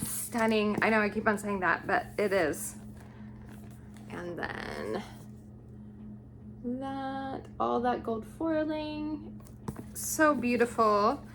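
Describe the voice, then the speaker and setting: A woman vlogger showing off a book haul, gushing and unhurried as she admires each book aloud. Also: fairly high pitch, noisy background. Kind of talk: casual book haul show-and-tell.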